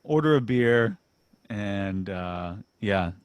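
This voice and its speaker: A man hosting a casual podcast chat, relaxed and self-deprecating, laughing often and restarting his sentences. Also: lowish voice, slow pace, clear, resonant tone, dry recording, dull audio. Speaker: podcast host.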